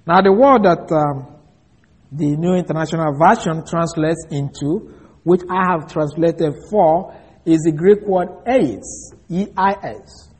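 Husky high-voiced man preaching a sermon. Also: a little mellow. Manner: slow, deliberate emphasis on key words. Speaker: pastor. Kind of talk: expository sermon.

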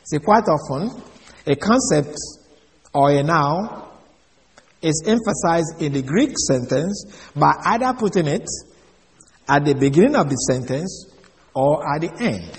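A man giving an expository Bible lesson, measured and explaining Greek words one by one. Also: on the high side, animated, big-room sound. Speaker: Bible teacher.

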